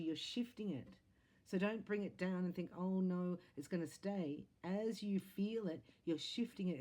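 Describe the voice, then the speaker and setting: Low, mellow woman reading tarot. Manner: animated, sing-song delivery with big swings in pitch and loudness; earnest, encouraging spiritual talk. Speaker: psychic tarot reader.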